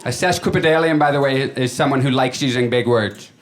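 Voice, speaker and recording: A man doing a stand-up comedy set on a club stage, telling stories in a chatty way and acting out his friends in quick voices. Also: mid-range voice. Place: comedy club stage before a live audience. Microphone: handheld stage mic. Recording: live club recording with loud crowd laughter.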